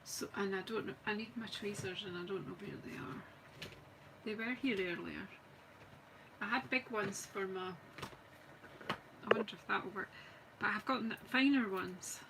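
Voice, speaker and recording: A woman's voice: medium pitch, normal speed, long pauses, background noise. A Scottish woman chatting casually and thinking aloud as she demonstrates card making on a live stream. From Scotland. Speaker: craft demonstrator. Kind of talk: live craft stream chat.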